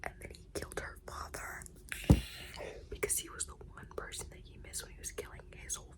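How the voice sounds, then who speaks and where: A woman's voice: a little fast, rough recording. A young woman whispering late at night at home, gushing and exasperated about a book she just read, swearing freely. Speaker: vlogger. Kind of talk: late-night reading vlog.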